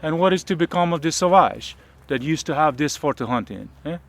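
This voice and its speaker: A man's voice: a little high, lively intonation, a little fast, gravelly, voice pushed up. A man playing an aggrieved eighteenth-century French trapper who speaks broken English with a French accent and keeps adding huh and eh, recorded outdoors.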